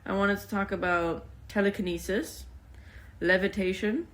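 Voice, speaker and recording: A woman hosts a relaxed podcast conversation from her home. She giggles often and rambles in a self-deprecating way. Her pitch sits in the middle for a woman. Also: moderate pace. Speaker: podcast host. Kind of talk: casual podcast chat. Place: home with cats nearby.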